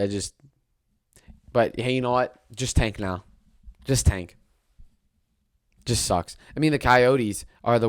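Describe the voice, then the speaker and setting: A young man talks sports on his own podcast, jumping from one topic to the next with bursts of excitement and plenty of false starts. His voice sits on the low side and comes across smooth and clear. The sound is dry and close, with no room around it. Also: no room sound. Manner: rambling, excitable, restarts and trails off. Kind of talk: casual solo sports podcast.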